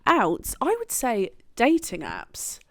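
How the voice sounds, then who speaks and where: A woman's voice: fairly high pitch, huge pitch swings, slow pace, vocal fry, no echo. A young woman co-hosting a podcast in casual, chatty talk, swearing freely and laughing often. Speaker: podcast co-host. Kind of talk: casual chat.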